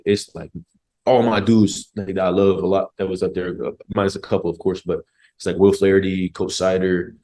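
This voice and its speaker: A man's voice: sits low, dark tone. A young man in his twenties, a podcast guest, telling a personal story in a laid-back, joking way, full of slang and casual swearing. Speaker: podcast guest, former college football player.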